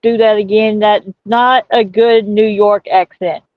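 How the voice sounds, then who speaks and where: A stream co-host in casual banter, playful and quick to object. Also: mid-range voice, flat delivery, narrow, tinny audio.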